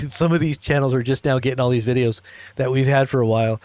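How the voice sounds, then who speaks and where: A man's voice: medium pitch, steady tone, fast talker, darkish tone, smooth, no room sound. A tired man hosting a live news commentary stream, rambling and joking with viewers. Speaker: host.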